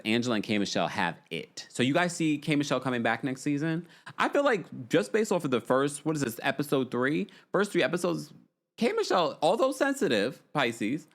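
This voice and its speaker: A man's voice: fairly high pitch, sing-song, a little fast. A man hosting a casual livestream recap, chatting and reading out viewer comments as he reacts. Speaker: recap show host.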